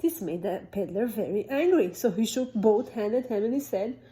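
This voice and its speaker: A woman preschool teacher reading a picture book aloud to toddlers, animated, with gasps and sudden whispers. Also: mid-range voice, moderate pace. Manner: animated, gasping, dropping to whispers.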